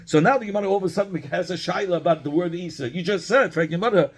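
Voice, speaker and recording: Husky man teaching a Talmud class. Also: high voice, fast talker, hardly any pauses. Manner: explains by repeating and questioning, mixing Hebrew and Yiddish terms. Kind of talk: Talmud study lesson.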